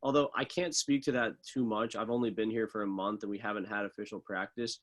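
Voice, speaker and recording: Low-voiced young man, loose and chatty. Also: quick pace. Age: young adult. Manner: relaxed, loose, many fillers like "like" and "uh". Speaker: professional middle distance runner, guest. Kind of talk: casual interview talk.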